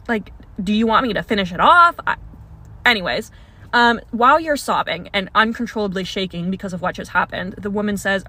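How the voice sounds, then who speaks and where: A woman's voice: medium pitch, a bit bright. A young woman telling a story about herself casually, in the second person, and often laughing.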